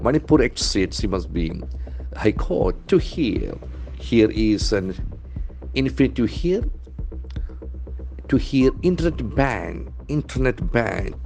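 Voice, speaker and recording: A man's voice: medium pitch, very animated, slow, vocal fry, pauses often, a little mellow, faint music behind. A man teaching vocabulary from the news, spelling words letter by letter and repeating them. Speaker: English trainer. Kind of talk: newspaper vocabulary lesson.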